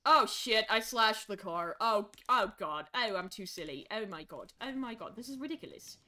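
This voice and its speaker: Woman streamer, young, bright voice, chaotic, excitable. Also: mid-range voice, normal speed. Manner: excitable, swings from mutters to sudden shrieks. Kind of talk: chaotic game commentary, role-playing a parent.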